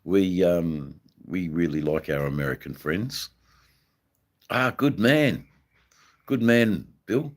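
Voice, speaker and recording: Deep-voiced Australian man chatting on a livestream. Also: expressive. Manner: halting, many ums and repeats. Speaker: livestream host reading chat. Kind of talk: casual live-stream chat.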